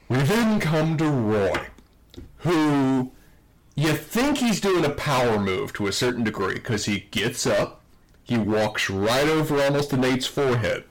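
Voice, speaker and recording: A man's voice: fairly high pitch, poor audio. Upbeat man recapping a TV episode. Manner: enthusiastic, animated recapping. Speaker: podcast co-host. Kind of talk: casual review chat, reading quotes aloud.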